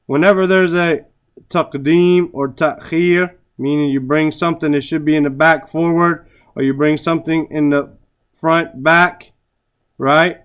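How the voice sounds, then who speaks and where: A man teaching a class on Arabic grammar, reciting Arabic phrases and translating them, often checking in with "right?". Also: on the high side. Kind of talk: classroom lesson.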